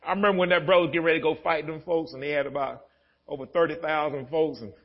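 A male pastor preaching a sermon in a church sanctuary, moving between easy storytelling and shouted, laughing exhortation. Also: fairly high pitch, fairly even intonation, rapid-fire, muffled recording.

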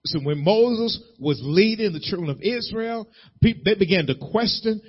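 A man preaching a sermon as pastor. He builds repeated phrases up to loud peaks and then drops to low, quiet asides. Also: lively intonation, moderate pace, breathy edge. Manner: preaching with rising emphatic repetition, dropping to low intimate asides. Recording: muffled lo-fi sermon recording.

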